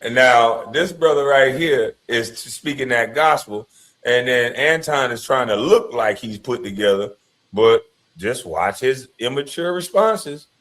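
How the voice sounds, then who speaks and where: A man's voice: mid-range voice, expressive, measured pace, a bit bright. A man giving casual commentary in a blunt, preachy, moralizing way.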